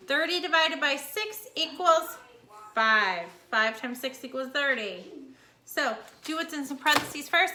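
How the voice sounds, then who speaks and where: High, bright-voiced teacher explaining step by step. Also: female voice, slight background noise. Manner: explains step by step, casual and chatty. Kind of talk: recorded home lesson for students.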